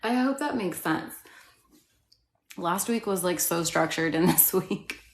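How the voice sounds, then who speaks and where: A woman's voice: on the low side, expressive, a little slow. A woman coaching viewers in a casual live-stream chat, peppering her talk with "like" and "right?" and laughing often. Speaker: manifestation coach. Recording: roomy echo.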